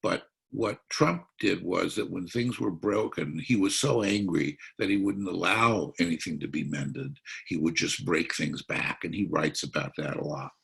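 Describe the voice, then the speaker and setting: A man's voice: low-pitched, moderate pace, creaky, few pauses, fairly bright tone, slightly rough. A man speaking as a psychiatrist at a political forum, explaining his analysis.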